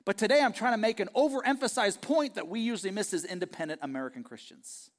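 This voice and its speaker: A man preaching a sermon with a notably high voice, his words ringing out with a long hall reverb. He swings between loud, emphatic declarations and soft, chatty asides to the congregation. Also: expressive, fast talker. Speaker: pastor. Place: church auditorium.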